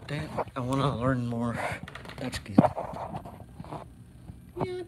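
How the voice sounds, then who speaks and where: A young man rambles through a casual live stream from his home, drifting between topics with plenty of fillers and loose asides. His voice sits at an ordinary middle pitch, and he sounds easygoing as he moves about the room. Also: wildly swooping pitch, takes it slowly, very noisy. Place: at home, walking around.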